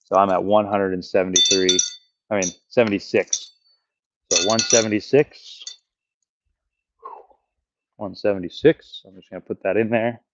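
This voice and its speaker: Out in his backyard, a man live-streams himself throwing axes, counting each throw aloud, swearing, and talking to his chat. His voice is on the low side with fairly even intonation at a normal speed, broken by long pauses, and the recording is very noisy.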